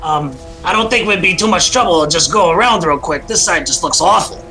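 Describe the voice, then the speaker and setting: Guy doing a nervous halfling lookout, mutton chops, lots of uh's, soft music behind. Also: high-pitched, fairly quick, voice pushed up, rough recording. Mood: wary. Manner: wary, hesitant, full of "uh"s.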